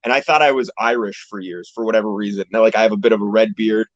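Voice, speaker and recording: A man's voice: on the low side, fairly even intonation, fast talker, no echo. A young man from Canada, a pro wrestler, chatting casually as an interview guest in a laid-back, rambling way with casual swearing, heard over a video call. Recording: dull lo-fi call audio, dry.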